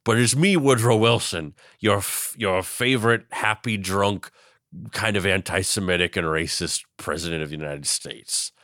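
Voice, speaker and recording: A man's voice: sits low, moderate pace, a bit bright, dry recording, studio quality. A man voicing a boastful, drunken older male president who rambles and brags while proudly clueless. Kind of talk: comedic impression.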